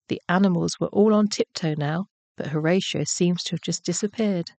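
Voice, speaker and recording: Gentle woman reading a bedtime story. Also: lowish voice, normal speed, creaky, no echo.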